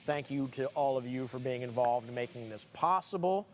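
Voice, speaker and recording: A man's voice: medium pitch, fairly quick, slight background noise. A middle-aged man co-hosting a live stream, telling jokey stories with frequent laughs. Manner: jokey storyteller, laughs often. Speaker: co-host of live stream show. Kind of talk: casual banter on a live stream. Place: showroom with staff working nearby.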